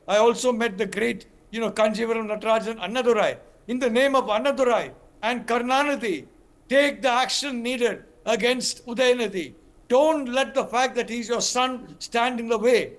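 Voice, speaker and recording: An older Indian man argues his point on a television news panel. His voice sits unusually high for a man, and he speaks in an emphatic, Indian English cadence, often restarting and repeating words. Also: a bit bright. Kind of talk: TV news debate.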